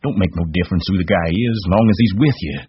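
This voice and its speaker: A man reading a story, voicing a lonely, bitter older stable hand who muses slowly in rural talk. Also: low voice, slightly rough, no room sound, muffled recording, pitched above the performer's own voice. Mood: brooding. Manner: slow, musing rural talk.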